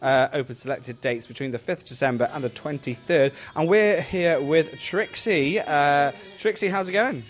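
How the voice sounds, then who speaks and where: A man's voice: fairly high pitch, moderate pace, few pauses. A man hosting on location, upbeat and heavy on fillers as he interviews guests. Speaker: host, reporter. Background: faint music.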